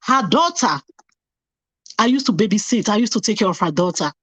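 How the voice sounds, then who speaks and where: A woman's voice: mid-range voice, animated, fairly quick, a bit bright, no room sound. A middle-aged woman telling a painful personal story earnestly, repeating phrases for emphasis. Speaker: guest telling her story.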